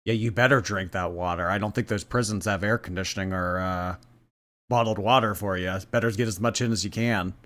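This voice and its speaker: A man's voice: lowish voice, a little fast. A man chatting casually on a live stream, teasing and sarcastic. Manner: sarcastic, teasing, lively intonation. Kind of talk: casual livestream chat.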